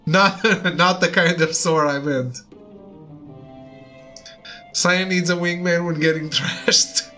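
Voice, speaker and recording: A young man chats casually while playing a game on stream, in a high voice with a slow, easy pace. He jokes at his own expense and laughs often. Faint game music plays behind him. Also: steady tone, bright, forceful tone. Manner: joking, self-deprecating, laughs often. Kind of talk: casual chat over gameplay.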